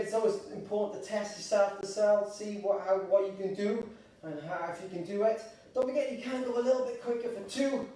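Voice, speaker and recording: A man leading a live gentle exercise class, upbeat and encouraging, calling out participants by name and a little out of breath. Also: high voice, far from the mic. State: slightly out of breath. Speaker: exercise instructor. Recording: echoey room, voice away from the mic.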